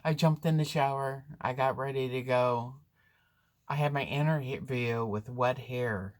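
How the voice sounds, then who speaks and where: A woman vlogger telling a story to camera in a chatty, rambling, animated way. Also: rumbling low, unhurried.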